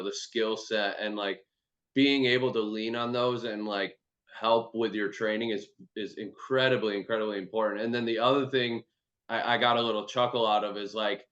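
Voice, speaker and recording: A host and performance trainer with a lower voice chats casually on a video call, relaxed and loose, swearing freely and stringing ideas together with lots of "like" and "you know." The sound is dull and lo-fi, as if from a laptop mic, though a bit bright.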